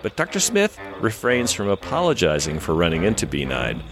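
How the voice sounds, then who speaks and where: A man's voice: deep voice, wildly swooping pitch, brisk, over music. A man co-hosting a podcast who narrates an episode recap with dramatic storytelling. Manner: dramatic, storytelling, acts out dialogue. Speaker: podcast co-host.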